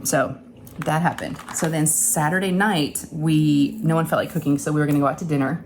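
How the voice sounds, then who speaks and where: This is a middle-aged woman with a somewhat low-pitched voice, telling a personal story in a casual, rambling way. She talks straight to her viewers, stays animated, and puts on what the others said as she goes. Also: a little fast, a little hiss or hum. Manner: chatty, animated retelling with acted-out quotes and laughs. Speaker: crafting channel host.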